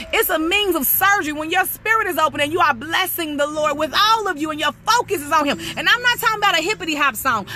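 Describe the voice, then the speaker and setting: Fervent woman preacher with a very high voice, over clear music. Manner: fervent, exclaiming and repeating praise phrases; rhythmic repetition, rising to shouts. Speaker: prophetess preaching. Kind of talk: sermon.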